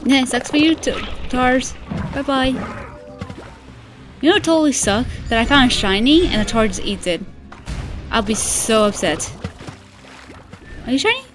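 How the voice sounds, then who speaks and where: A young woman giving casual, excitable commentary over her gameplay, squealing and gushing whenever she spots cute creatures. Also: fairly high pitch, moderate pace, pauses often, over music. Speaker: gaming video creator.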